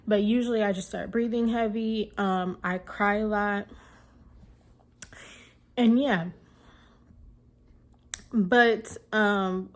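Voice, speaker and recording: Young woman, vlogger, unhurried delivery, teary and halting, lots of fillers. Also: medium pitch. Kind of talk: personal storytelling vlog.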